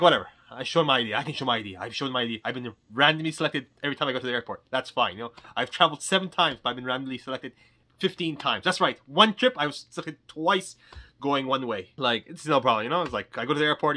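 Toy shop guy rambling thru a story, jokey, bright voice. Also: mid-range voice, fast talker. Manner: rambling, jokey, acts out quotes. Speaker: toy store owner and vlog host. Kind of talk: casual storytelling vlog.

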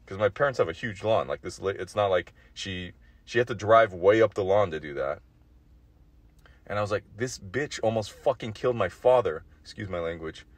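Man, 40s, low voice, dry close mic; casual rambling monologue with profanity and nervous laughs. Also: brisk, no echo. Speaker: vlogger.

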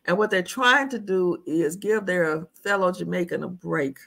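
This is a woman from the United States chatting as a guest. Her voice sits low, with a gravelly, husky texture. She tells stories in a lively way and laughs often. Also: normal speed. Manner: animated storyteller, laughs often. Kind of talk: casual conversation, storytelling.

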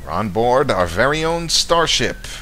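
A man's voice: medium pitch, sing-song, unhurried, bright, forceful tone. A man commenting casually on a video game he is playing, joking and reading game text aloud. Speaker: let's play commentator.

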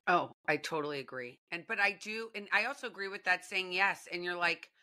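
A woman's voice: fairly low pitch, a little fast, sharp tone. A woman hosting a podcast, chatting casually and animatedly, laughing often and acting out little imitations. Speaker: podcast host. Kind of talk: casual conversation.

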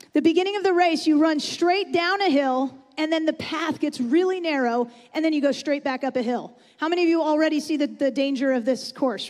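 A woman preaching a sermon in a church, chatty and often asking the congregation questions. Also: high voice. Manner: conversational, asks the audience questions. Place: church sanctuary. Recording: long reverb in a church hall.

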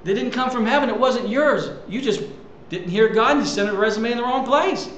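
Pastor, male, higher-pitched voice, emphatic conversational sermon delivery, reverberant church room. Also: a little fast, a bit bright, a little hiss or hum. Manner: emphatic, conversational preaching with rhetorical questions. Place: church sanctuary.

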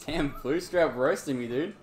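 A man's voice: on the high side, measured pace. A man streaming a game live, chatting with viewers in a laid-back way, laughing often and humming along. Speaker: gaming streamer. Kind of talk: live gameplay commentary. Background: game music.

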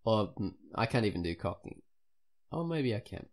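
A man's voice: fairly low pitch, very animated, moderate pace, a little mellow. A man hosting a podcast in casual chat, rambling and trailing off with a self-deprecating tone. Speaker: podcast host.

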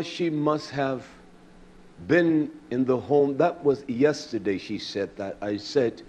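A man preaching a sermon, slow and emphatic, with frequent pauses on "uh". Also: medium pitch, a little mellow.

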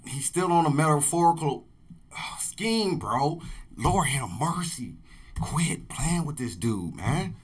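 A man hosting a casual music reaction, excitable, repeating lines back and calling out "bro". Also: on the high side, slow pace, slightly rough. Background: faint music.

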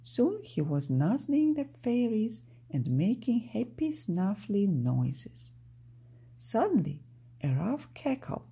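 A woman narrating a children's storybook aloud in an expressive storytelling manner. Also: lowish voice, gravelly, slightly rough.

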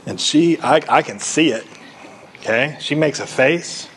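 A man preaching a sermon as pastor at a church service, animated and conversational, often quizzing the congregation. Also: on the high side, a little slow, slight background noise.

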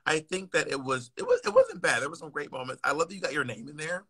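A man's voice: a little high, wildly swooping pitch, quick pace, creaky, sharp tone, breathy edge. An American man hosting a live stream over a phone, chatting casually with a guest in a blunt, teasing, playful way.

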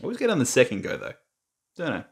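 A young Australian gaming vlogger talks fast with vocal fry, his mid-range voice swooping wildly in pitch. In casual screen-recorded commentary, he reads quiz questions aloud, mutters and makes fun of himself.

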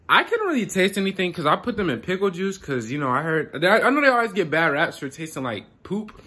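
A man's voice: high-pitched, sing-song, quick pace, pushed and bright, husky. A young adult man talking casually to camera in a room at home. He uses loose slang and keeps checking in with "you get what I'm saying.". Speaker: vlogger. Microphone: handheld phone camera.

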